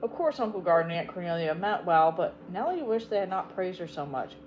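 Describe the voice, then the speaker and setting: Expressive woman reading a storybook. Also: on the low side, a little fast, muffled recording, slight background noise. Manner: expressive, emphatic, tender at sad parts. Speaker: audiobook reader, channel host.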